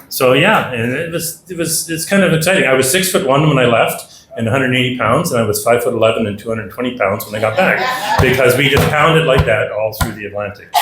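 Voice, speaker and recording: A middle-aged Canadian man spins yarns at a dinner talk in a mid-pitched voice, acting out the other people's lines as he goes. The room is echoey, with a faint hum of ambience behind him. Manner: anecdotal, animated, acts out dialogue. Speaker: guest speaker. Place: dinner hall.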